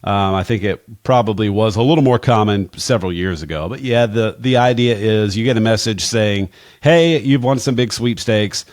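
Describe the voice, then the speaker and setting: A man with a lowish voice talks through everyday money risks in a plainspoken, wry way. He drops in casual asides. The sound is close and dry, with no room around it. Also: brisk, few pauses, darkish tone, no room sound. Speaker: financial advisor, podcast guest expert. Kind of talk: casual conversational advice.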